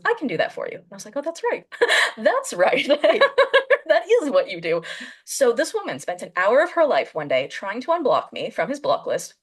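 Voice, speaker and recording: Her voice sits on the low side as this woman hosts a podcast over a video call. Telling a story casually and animatedly, she acts out the voices of anyone she quotes.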